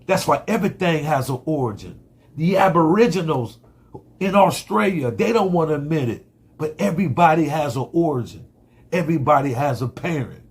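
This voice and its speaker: Man, impassioned street monologue, raspy, higher pitch. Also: expressive, brisk. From United States. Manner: fiery, preachy, rhetorical questions, profane.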